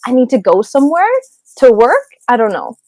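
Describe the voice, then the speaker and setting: A woman's voice: fairly high pitch, sing-song, fairly quick, a little mellow, no room sound. A woman voice actress chatting in an interview, giggly and rambling, wandering off on tangents from a home closet booth. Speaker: guest voice actress. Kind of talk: casual interview chat.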